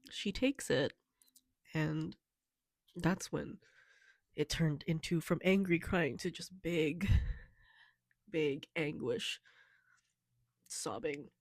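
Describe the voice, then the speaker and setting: A young woman talking softly and haltingly in a personal vlog, tearful and emotional, with many fillers. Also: low-pitched, no room sound, studio quality. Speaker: vlogger.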